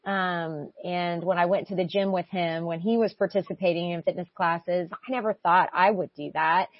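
A woman co-hosting a faith talk show, speaking thoughtfully and pausing often with ums as she reflects. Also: on the low side, fairly even intonation, no echo. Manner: thoughtful, searching, with frequent ums and restarts. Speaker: podcast co-host. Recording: slightly muffled dry audio.

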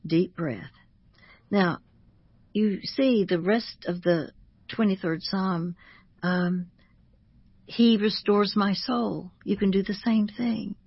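A woman who is a Christian author, speaking as a guest on a radio talk show in a measured, teaching manner and slowing down to stress each word. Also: medium pitch, breathy edge, no room sound, highs cut off.

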